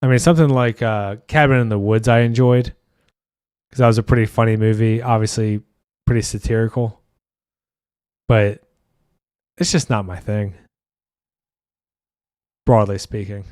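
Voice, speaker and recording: A man hosting a casual podcast while gaming, blunt and quick to swear, reading out viewer chat. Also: lowish voice, steady tone, darkish tone, clean tone, no echo, clean studio sound. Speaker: podcast host and streamer.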